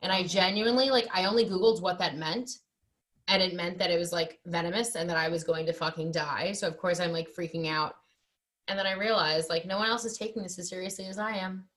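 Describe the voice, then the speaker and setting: A young woman co-hosting a podcast, telling stories in a casual, profane, animated way and acting out what people said. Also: fairly low pitch, fairly quick, poor audio. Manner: profane, animated storytelling with acted-out quotes. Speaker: podcast co-host. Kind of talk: casual chat.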